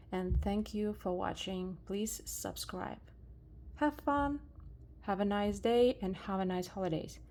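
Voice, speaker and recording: A woman with a Russian accent, unboxing thrifted jewelry in a soft-spoken vlog, slow and marveling at each find. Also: mid-range voice. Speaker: jewelry reseller vlogger.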